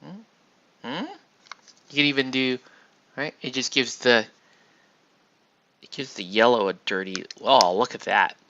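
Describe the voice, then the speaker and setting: A man's voice: mid-range voice, measured pace, long pauses, pushed and bright, muffled recording, slight background noise. A man chatting casually as he paints miniatures, rambling and restarting his sentences, with some mild swearing. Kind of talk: casual chat while painting.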